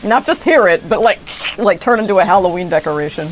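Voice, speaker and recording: A woman's voice: fairly low pitch, animated, a little fast, slight background noise. A woman in her thirties streaming a game, muttering to herself and talking back at it. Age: 30s. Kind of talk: casual gameplay commentary.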